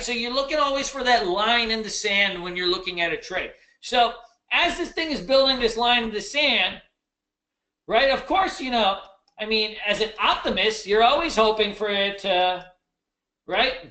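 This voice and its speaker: A man's voice: high voice, lively intonation, moderate pace, sharp tone. A man teaching a live trading class, loose and joking, swearing freely and tagging "right?" onto his points. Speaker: trading instructor. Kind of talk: casual live webinar teaching. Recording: echoey room.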